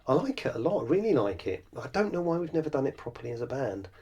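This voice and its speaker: This man's mid-range voice is husky and dark, very animated and fast, captured in dull audio. Middle-aged, he's a podcast host and songwriter delivering a reflective solo monologue that rambles, pokes fun at himself, and is full of fillers and restarts.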